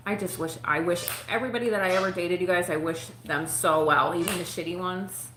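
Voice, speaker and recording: A woman's voice: fairly low pitch, normal speed, roomy sound, background noise. A woman vlogger telling a personal story straight to her viewers, frank and profane, laughing often.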